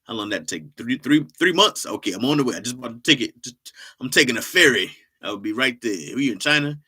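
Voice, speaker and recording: A man's voice: medium pitch, animated, fairly quick, slightly rough. A man doing a doting older dad. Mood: reassuring. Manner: loud, eager, reassuring. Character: doting older father hurrying to his daughter.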